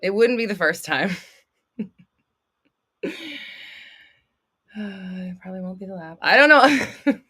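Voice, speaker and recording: Bright-voiced woman hosting a blunt livestream. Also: mid-range voice, lively intonation, takes it slowly, long pauses, husky. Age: 30s. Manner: blunt, swearing, laughing, dramatic outbursts. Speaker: host. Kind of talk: livestream chat answering viewers.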